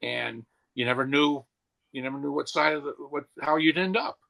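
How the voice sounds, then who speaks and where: A man co-hosting a podcast, reminiscing in a rambling, animated way in casual chat. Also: on the high side, normal speed, gravelly.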